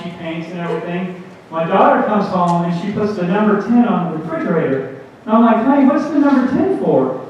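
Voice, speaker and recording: Comedian with a high voice in an echoing hall. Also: male voice, slight background noise. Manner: acts out family members in quick quoted voices, jumping high for the kids. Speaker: stand-up comedian. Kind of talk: stand-up comedy set. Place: community theatre stage. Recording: echoey hall, mic from far off, dull.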